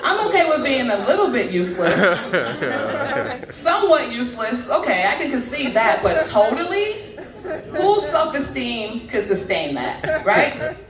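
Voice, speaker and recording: A woman's voice: a little high, sing-song, normal speed, a crowd in the background. A woman in her thirties doing a stand-up set, chatting and teasing the audience. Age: 30s. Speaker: stand-up comedian. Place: comedy club stage. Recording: echoey club from far mic.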